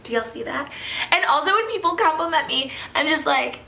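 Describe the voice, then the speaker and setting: A giddy young woman in her twenties rambles happily to camera, her fairly high, bright voice tumbling through fillers and laughs. She sounds like she is in an echoey room with a faint hiss behind her. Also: expressive, a little fast, vocal fry. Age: 20s. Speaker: wine review vlogger. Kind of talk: casual vlog chat.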